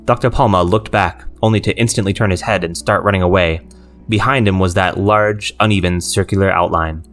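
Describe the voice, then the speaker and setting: Brief: deep male narrator for a horror tale, measured, soft music underneath. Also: fairly even intonation.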